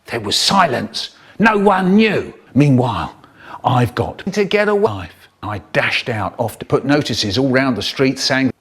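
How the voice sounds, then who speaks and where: A man telling comic stories in a theatrical, animated way, cut up and re-edited. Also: medium pitch, a little slow, breathy edge. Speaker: children's storyteller. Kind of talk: chopped-up comic storytelling.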